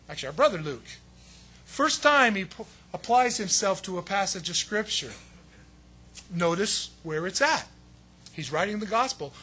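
A man preaching a sermon as pastor, telling the story with lively acted-out quotes. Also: high-pitched, breathy edge. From United States. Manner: animated storytelling, acts out quoted voices.

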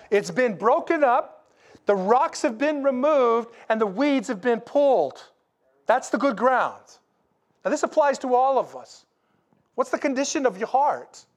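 A man preaching a sermon in a folksy, animated way, with asides to the congregation. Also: extremely high pitch. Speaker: pastor.

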